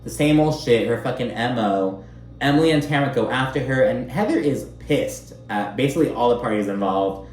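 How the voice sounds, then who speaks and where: A young man giving a casual, profane, catty recap of a reality show, with sudden pitch jumps when he mocks people. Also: a little fast, slight background noise. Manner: profane, catty, animated with mocking quoted voices. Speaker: recap commentator. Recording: echoey room.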